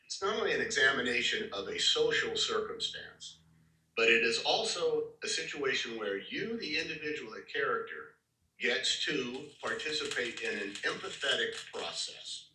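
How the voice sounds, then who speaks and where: A man teaching an acting class to a live audience, talking directly to the students and often clearing his throat. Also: medium pitch, pushed and bright, a little hiss or hum. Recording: roomy hall, far from the mic.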